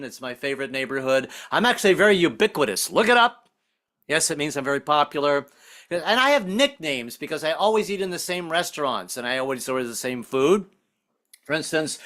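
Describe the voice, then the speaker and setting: A man's voice: on the high side, fairly bright tone. A middle-aged American man doing a wry, self-deprecating stand-up set over a video call. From United States. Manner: wry, self-deprecating, puts on voices for jokes. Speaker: stand-up comedian.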